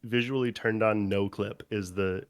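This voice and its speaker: Deep-ish guy game mastering, rambly, dry close sound. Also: steady tone, moderate pace, clear, resonant tone, dry recording. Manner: casual, rambling narration with fillers. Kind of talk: narrating a tabletop game.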